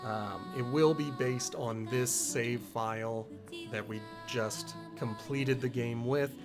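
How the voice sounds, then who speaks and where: A man's voice: mid-range voice, slow, over music. A man streaming a video game, chatting casually and thinking aloud. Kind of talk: casual live-stream commentary.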